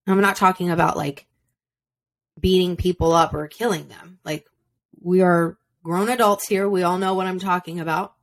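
Her voice sits on the low side, steady and at a normal speed, as this podcast host launches into a fiery, foul-mouthed, no-nonsense pep talk. The recording is a basic home setup in a room without soundproofing.

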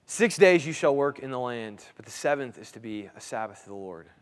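A man's voice: medium pitch, expressive, fairly quick. A man in his thirties preaching a sermon in a conversational way, restarting phrases and asking his listeners "right?". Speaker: pastor. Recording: long hall reverb.

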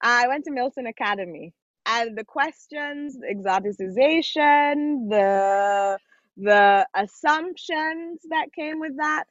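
Woman from Jamaica, film representative, thoughtful with pauses; dull, dry recording. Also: high voice, lively intonation, no room sound. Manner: thoughtful, with frequent "um" and "you know". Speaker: documentary film organization representative. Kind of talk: interview answers.

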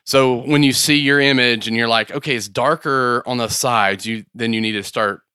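Bright-voiced Southern man hosting. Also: mid-range voice, steady tone, moderate pace, smooth, no echo, clean studio sound. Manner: friendly, rephrasing to check understanding. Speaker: podcast host. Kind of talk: casual podcast interview.

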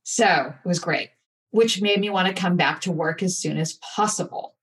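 A woman guest in an interview, telling a personal story candidly and with animated, acted-out asides. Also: on the low side, normal speed, far from the mic. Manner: candid, animated retelling with acted-out inner voices.

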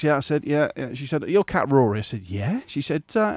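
Podcast co-host, middle-aged, lively storyteller, dry close sound, swoops in pitch. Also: male voice, fast talker, no echo. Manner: animated anecdote-telling, laughs often, acts out quoted voices. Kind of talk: casual storytelling chat.

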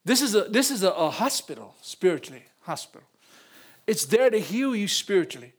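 An older man preaching in a church, emotional, repeating phrases and rising to loud peaks. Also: sits high, very animated, a little fast, breathy edge. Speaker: pastor. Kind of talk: sermon.

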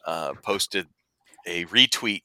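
A man co-hosting a casual podcast with a very bright, forward voice. He jokes around, laughs often and trips over repeated words. The sound is dry and close. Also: deep voice, slow pace, smooth, no room sound. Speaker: podcast co-host.

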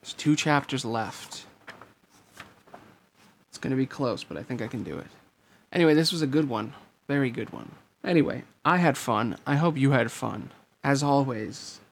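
A man reads a novel chapter aloud in a steady, earnest way. His voice is gravelly, with a lot of fry, and his pitch sits in a middle range. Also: normal speed, slight background noise. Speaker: reader of a fan story.

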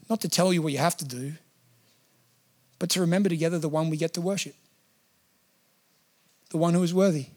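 Guy pastor preaching in church, kinda high voice, earnest, chatty, acts out little quotes. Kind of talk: sermon. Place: church hall.

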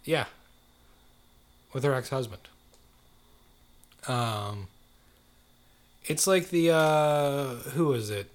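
A man's voice: medium pitch, lively intonation, extremely slow, pauses often. A man co-hosting a casual chat, joking and riffing on celebrity gossip.

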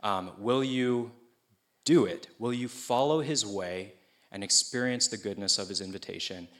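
A man's voice: fairly low pitch, measured pace, fairly bright tone. A man preaching a sermon to students in a casual, conversational way, often checking in with his listeners. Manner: casual youth-pastor delivery, checks in with listeners. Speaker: pastor.

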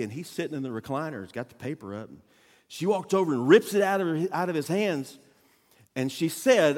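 A man preaching as a guest pastor, with a fairly high voice that swings widely in pitch. He tells his story with acted-out quotes and sudden loud bursts. His voice carries long reverb from a church auditorium. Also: expressive, fairly quick. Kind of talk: sermon.

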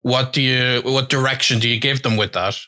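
A man hosting a casual interview who asks curious questions and fills his pauses with uhs and ums. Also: mid-range voice, steady tone, sharp tone, no echo. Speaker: host.

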